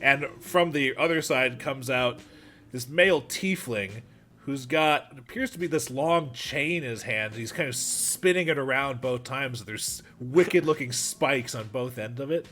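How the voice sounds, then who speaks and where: Bright-voiced male game master. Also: mid-range voice. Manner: quick stumbling narration with repeats. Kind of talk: narrating a tabletop game.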